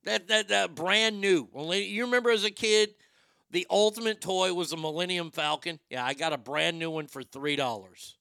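A man's voice: sits high, moderate pace, vocal fry, clean tone, no room sound, clean studio sound. A middle-aged man doing stand-up, telling a crude family story and acting out the quotes. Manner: crude, animated, acts out quotes. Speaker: stand-up comedian.

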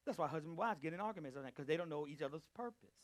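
A man teaching a Bible study, preaching emphatically and calling out to his listeners, swinging between loud and hushed delivery. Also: fairly high pitch, lively intonation, very fast. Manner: emphatic, calls out to the group. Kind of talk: preaching to a live group.

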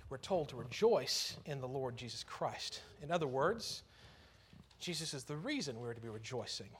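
A man's voice: mid-range voice, lively intonation, normal speed, slight background noise. A man preaching a sermon in church, earnest and conversational, lifting his voice on key phrases.

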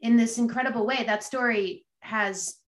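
A woman's voice: fairly high pitch, steady tone, moderate pace. A woman hosting a podcast interview, responding with effusive admiration. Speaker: podcast host.

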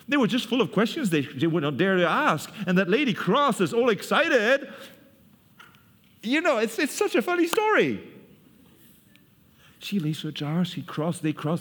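Lively male preacher, fairly high voice, big reverb. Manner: lively storytelling, laughs often, acts out voices. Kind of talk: sermon, animated Bible teaching. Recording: long hall reverb.

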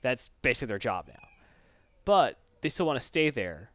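A man's voice: mid-range voice, very animated, moderate pace, fairly bright tone, no room sound, muffled recording. A man in casual chat, recapping a comic book plot in a rambling way with many fillers and restarts.

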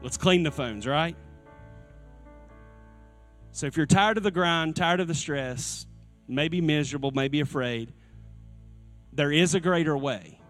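A male pastor delivers a sermon on a stage microphone, his voice sitting a bit high for a man. He is earnest and drives his points home by repeating them. Soft instrumental music plays quietly under him. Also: a little slow, pauses often. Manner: earnest preaching, repeating key phrases. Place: church sanctuary.

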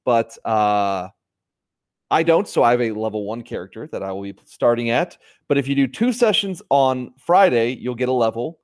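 Rambling man, lively pitch. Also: normal speed, dry recording, clean studio sound. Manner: rambling, full of fillers and restarts. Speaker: podcast co-host. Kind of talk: casual chat.

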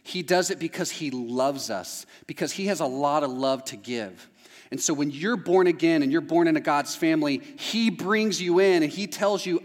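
A man's voice: fairly high pitch, normal speed, big-room sound. A man preaching a sermon as pastor, talking casually and speaking straight to his audience. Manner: conversational, addresses the audience directly.

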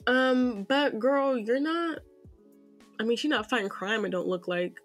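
A woman co-hosting a podcast in casual roundtable chat, talking in an animated, emphatic way and drawing out her stressed words. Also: on the high side, unhurried, faint music behind. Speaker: podcast co-host.

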